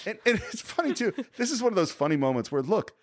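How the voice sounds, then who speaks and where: A man's voice: high-pitched, sing-song, fast, dry recording, studio quality. A man hosting a film podcast, retelling scenes step by step with enthusiasm. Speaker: podcast host.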